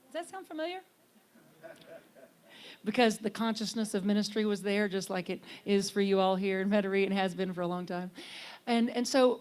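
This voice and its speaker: Earnest woman minister giving a sermon. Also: fairly high pitch. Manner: earnest, conversational, swings from bright emphasis to soft hushed lines.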